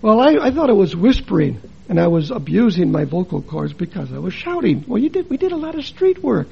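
A man preaching with a high, husky voice. He tells stories in a sermon, shifting between quiet and emphatic delivery. The recording sounds dull and lo-fi. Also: sing-song, a little fast. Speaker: preacher and missionary.

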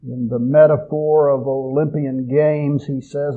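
A man preaching a sermon, swelling loud on key phrases and dropping low at the ends. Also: little pitch movement, a little slow, hardly any pauses. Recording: tinny phone-like audio.

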